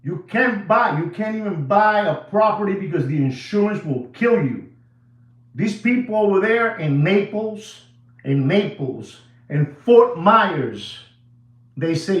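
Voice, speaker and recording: A man's voice: high voice, expressive, takes it slowly, dull audio. A middle-aged man who deals in watches, giving a dramatic, theatrical rant to his viewers, recorded in an echoey room from a distance. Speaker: watch dealer. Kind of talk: ranting vlog to camera.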